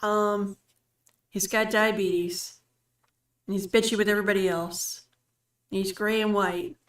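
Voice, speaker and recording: A woman's voice: mid-range voice, fairly even intonation, a little slow, recorded from a distance. A woman co-hosting a live painting stream, teasing and reading viewer chat aloud. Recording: echoey room, away from the mic.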